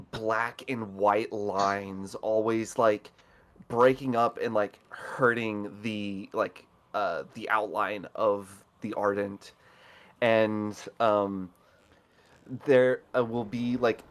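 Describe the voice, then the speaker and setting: A man narrating a scene in a tabletop role-play game, halting with many fillers. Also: mid-range voice. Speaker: player.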